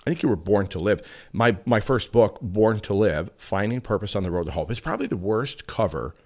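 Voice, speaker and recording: A man's voice: fairly low pitch, fairly quick. A man hosting his own radio show, telling jokes and musing in a casual, reflective monologue. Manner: joking and reflective, lively delivery.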